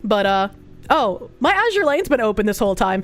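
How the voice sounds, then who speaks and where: A woman's voice: medium pitch, sing-song, normal speed, soft background music. A woman streamer with a Boston accent, chatting bluntly and casually with her viewers, swearing often and breaking into laughs.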